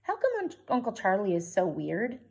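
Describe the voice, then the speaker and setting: A woman's voice: mid-range voice, big pitch swings, moderate pace, vocal fry, darkish tone, slightly rough, heavily acted. Eager sixth-grade boy, read by a woman. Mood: curious. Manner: eager, pressing questions. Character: curious sixth-grade boy, anxious, persistent.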